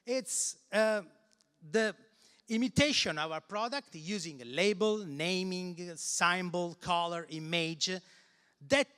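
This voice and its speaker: A man with an Italian accent giving a conference talk in English, halting and repeating words as he searches for phrasing. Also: sits high, sharp tone, clear, resonant tone. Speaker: conference speaker. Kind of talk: conference presentation. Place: large conference hall. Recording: reverberant hall.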